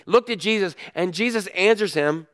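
Man, pastor type, slightly higher voice, animated conversational sermon delivery. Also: moderate pace.

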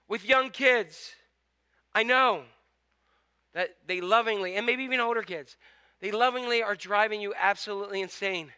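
A male pastor delivering a conversational, animated sermon in a church. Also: very high-pitched, clear, resonant tone. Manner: conversational, animated preaching with quoted exclamations. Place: church sanctuary.

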